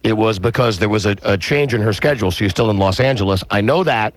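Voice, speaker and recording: A man hosting a radio talk show, telling a story in casual, animated banter. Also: on the low side, fast, dry recording.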